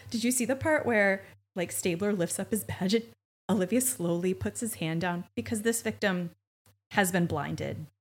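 A woman co-hosting a podcast, joking sarcastically and acting out quotes in casual recap chat. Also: fairly low pitch. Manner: sarcastic, jokey, acts out quotes. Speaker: podcast co-host.

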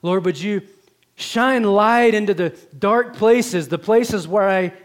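A man with a high voice, preaching a sermon as pastor in a church. He talks in an earnest, conversational way and keeps dropping from pleading calls into quiet, hushed asides. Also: slow pace. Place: church sanctuary.

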